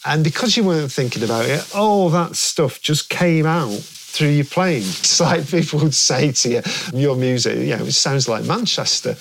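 A man, a band drummer, reminiscing in an interview in a halting way and laughing as he talks. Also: on the high side, expressive, gravelly, a bit bright. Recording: faint hiss.

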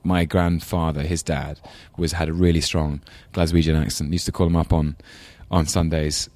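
A man with a low voice and an English London accent muses at length, stopping and restarting his sentences. He laughs easily and pokes fun at himself. The sound is dry and close. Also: little pitch movement, moderate pace, a little mellow, no room sound. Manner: thoughtful, rambling, self-deprecating, laughs often. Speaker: actor guest. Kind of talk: casual interview chat.

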